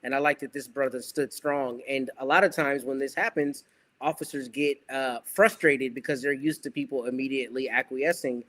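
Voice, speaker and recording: Male panelist, mid pitch, measured and conversational, casual slang here and there. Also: steady tone, a bit bright. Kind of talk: political commentary on a panel show.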